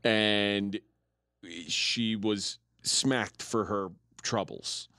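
A man's voice: fairly low pitch, steady tone, sharp tone, clear, resonant tone, no room sound. A man co-hosting a sports radio show, teasing and bantering in a studio. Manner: playful, teasing, quick to laugh. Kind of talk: casual sports talk banter. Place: radio studio in Las Vegas. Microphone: studio microphone.

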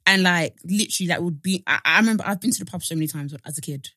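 Animated young woman. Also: lowish voice, rapid-fire, no echo, studio quality. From East London. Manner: animated, trips over her words. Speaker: podcast co-host. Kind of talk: casual chat.

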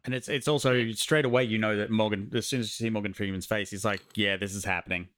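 A man co-hosting a movie podcast over a video call, with dry wit and quick asides. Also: on the low side, fairly even intonation, a bit bright. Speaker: podcast co-host. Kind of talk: casual movie podcast chat.

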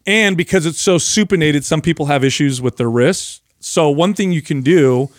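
A man co-hosting a casual fitness chat, telling stories and explaining exercises with lively energy. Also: fairly high pitch, moderate pace, dry recording, clean studio sound. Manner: animated storyteller, explains while demonstrating. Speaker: podcast co-host.

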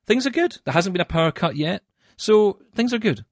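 A man with a Scottish accent, chatting on a podcast in a self-mocking, animated way. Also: high voice, brisk, no room sound, clean studio sound. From Scotland. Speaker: podcast co-host. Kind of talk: casual chat.

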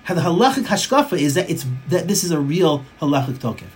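A man's voice: fairly high pitch, very animated, quick pace. A man teaching a Torah class as a rabbi, emphatic, often repeating phrases for stress and mixing in Hebrew and Yiddish terms.

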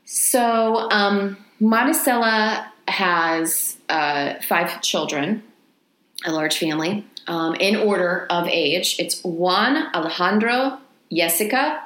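A woman's voice: on the low side, takes it slowly, fairly bright tone, reverberant. A woman with a Texan accent, co-hosting a podcast and telling a story in casual chat, swearing freely and laughing often. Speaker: podcast co-host.

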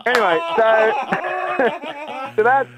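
A man, a podcast guest telling a story in a lively, animated way and laughing as he goes, on a slightly dull recording. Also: very high voice, extremely slow, a loud crowd. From Australia. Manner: animated, laughs while telling, acts out family members. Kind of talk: casual podcast anecdote.

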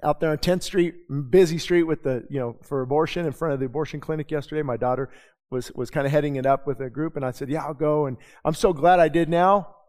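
A male pastor preaches in a loose, conversational way, tossing out rhetorical questions and quick asides. His voice sits a little high for a man. The sound carries a long reverb from a church sanctuary. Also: fairly even intonation, darkish tone. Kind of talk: sermon.

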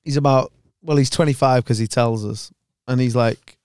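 A man's voice: mid-range voice, moderate pace, darkish tone, clean tone, no echo, studio quality. A man co-hosting a podcast, telling a story casually, swearing and acting out what other people said. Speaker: podcast co-host. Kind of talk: casual chat.

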